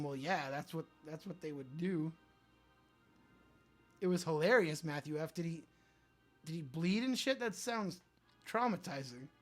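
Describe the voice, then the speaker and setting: Low-key man reading chat comments. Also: moderate pace, long pauses, faint music behind. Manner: low-key, dry, reads comments aloud and reacts. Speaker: livestream host.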